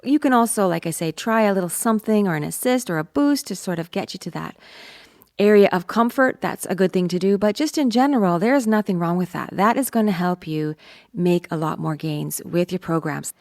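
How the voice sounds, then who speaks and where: A woman's voice: fairly low pitch, animated, a little fast, dry recording, clean studio sound. A woman vocal coach teaching a singing lesson, talking in an upbeat, encouraging way and singing scale demonstrations. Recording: loud piano accompaniment.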